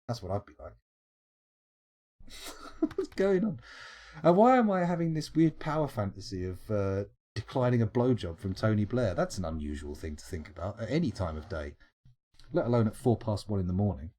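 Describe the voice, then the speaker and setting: A British man hosting a late-night live stream, talking loosely to his chat and going off on sweary tangents. His voice is mellow and dark, but his pitch swings in a lively way. He stumbles and restarts often as he thinks aloud. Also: normal speed, long pauses. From United Kingdom. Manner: rambling, sweary and jokey, with frequent restarts and laughs. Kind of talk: late-night casual stream chat, reading out viewer comments.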